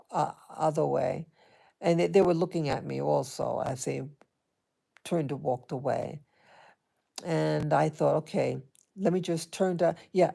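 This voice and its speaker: A woman vlogger telling a personal story to her viewers in a hesitant, halting way, with many restarts. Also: low-pitched, vocal fry, mellow, breathy edge. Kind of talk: casual personal storytelling to camera.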